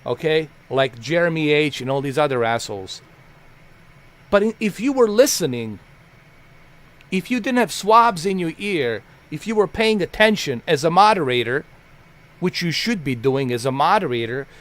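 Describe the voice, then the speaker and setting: A man on a live stream, venting at his chat in a blunt, heated and profane way. His somewhat high voice swings widely up and down as he drives his points home, often saying the same thing twice. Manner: repeats himself for emphasis.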